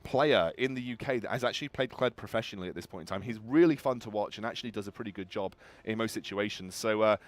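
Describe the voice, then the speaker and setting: Fast-talking British esports caster. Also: male voice, fairly low pitch. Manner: fast, animated analysis with frequent restarts. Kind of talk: analytical esports commentary.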